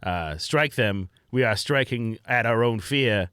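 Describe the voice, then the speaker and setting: A man's voice: on the low side, lively intonation, measured pace, a bit bright, clean tone, no echo, clean studio sound. A man playing a tabletop game, making crude in-character quips. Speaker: player. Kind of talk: improv game banter.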